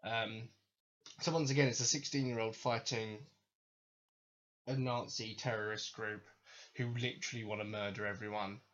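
A man's voice: fairly low pitch, fairly even intonation, moderate pace, pauses often, a bit bright, lo-fi sound. A young man hosting a podcast, ranting in exasperated, sarcastic, sweary commentary. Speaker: podcast host.

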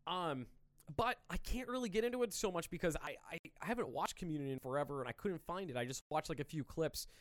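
A man's voice: a little high, lively intonation, fast talker, no room sound. Joking, foul-mouthed male podcast host. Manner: loose, joking, swears freely. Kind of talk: casual chat.

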